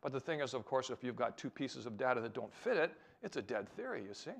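Gravelly-voiced man giving a lively talk. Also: medium pitch, fast. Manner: animated, joking, rhetorical questions. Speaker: chemist giving a church talk. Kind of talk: lively public talk to an audience.

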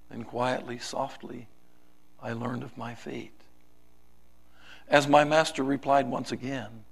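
A man preaching a sermon, reciting a poem with dramatic swings from loud pleading to hushed softness. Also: mid-range voice, fairly even intonation, slow pace, vocal fry.

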